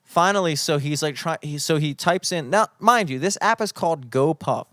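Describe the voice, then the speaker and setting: A man's voice: a little high, normal speed, fairly bright tone, dry recording, clean studio sound. A young man co-hosting a podcast, telling a story in a casual, profane, mock-outraged way. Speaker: podcast co-host.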